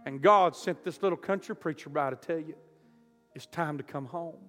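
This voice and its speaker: A man preaching a storytelling sermon, impassioned and surging from quiet to loud. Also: a little high, normal speed. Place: church auditorium. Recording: reverberant hall with soft music.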